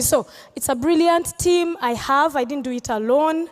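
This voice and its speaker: High-voiced Ugandan woman, playful on stage. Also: moderate pace, hardly any pauses, big-room sound. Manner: playful, teasing, laughs often. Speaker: comedian answering audience questions. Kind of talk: live Q&A on stage.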